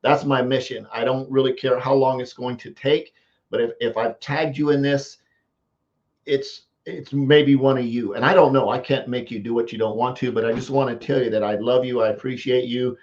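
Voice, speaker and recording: A man from the United States, a marketing coach, giving a casual live-stream pitch and repeating phrases for emphasis. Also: fairly even intonation, normal speed, a little mellow, muffled recording.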